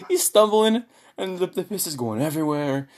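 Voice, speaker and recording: A man's voice: high voice, moderate pace. Young man telling a story with energy. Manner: animated, laughing, acts out quoted lines in a raised voice. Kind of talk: casual storytelling chat.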